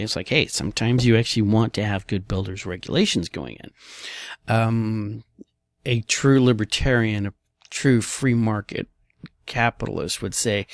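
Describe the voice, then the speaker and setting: A man's voice: lowish voice, vocal fry, no echo. A man, a real estate broker giving blunt, casual commentary on housing market slides and tossing in "all right" and "okay" often.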